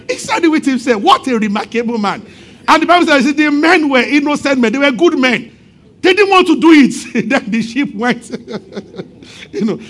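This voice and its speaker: A man preaching a sermon, retelling a story with acted-out voices and frequent laughter. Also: high-pitched. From Nigeria. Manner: animated storytelling, acting out voices and laughing often. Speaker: pastor.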